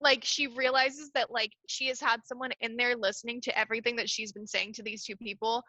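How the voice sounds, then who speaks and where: A woman co-hosting a podcast, recapping a TV episode in animated casual chat full of "like". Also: on the high side, fairly quick, dry recording, low-quality recording. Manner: animated, gushing, lots of "like". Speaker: podcast co-host.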